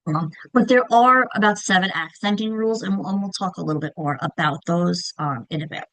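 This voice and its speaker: A woman giving a casual, clear instructional presentation on reading, stretching example words to show emphasis. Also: fairly low pitch, brisk, fairly bright tone, dry recording, poor audio. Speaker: literacy teacher trainer.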